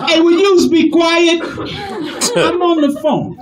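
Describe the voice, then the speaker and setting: A man's voice: sits high, very animated, moderate pace. A comedian voicing a passionate, profane male caller who rambles through a story before getting to his complaint. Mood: exasperated. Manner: long-winded, swearing storyteller. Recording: distant live club recording with crowd noise.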